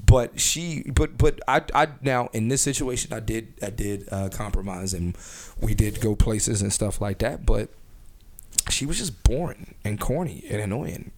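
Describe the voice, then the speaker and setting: A man's voice: fairly low pitch, measured pace. Rambling profane male podcast comedian. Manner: rambling, profane, animated with frequent restarts. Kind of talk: casual comedic podcast chat.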